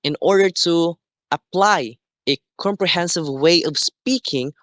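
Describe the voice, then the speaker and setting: A man teaching a class, explaining slowly and deliberately and often checking in with "okay". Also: fairly high pitch, fairly bright tone, no room sound. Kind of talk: classroom lesson.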